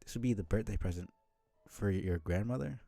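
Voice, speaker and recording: A man's voice: on the low side, brisk, creaky, dark tone, no room sound, faint music behind. A man voicing a prim, bookish teenage girl who speaks precisely and corrects others. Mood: dry.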